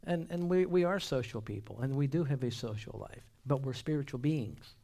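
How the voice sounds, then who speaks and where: A man preaching a sermon with humorous asides and call-and-response, trading loud exclamations for hushed whispers. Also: medium pitch, animated, normal speed, vocal fry.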